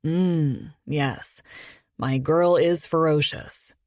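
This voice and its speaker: A woman's voice: deep voice, drawn-out words, a little mellow, no room sound, studio quality. A woman voicing a playful, affectionate grown man, her lover, who teases her. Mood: teasing. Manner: playful, teasing. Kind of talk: audiobook character voice.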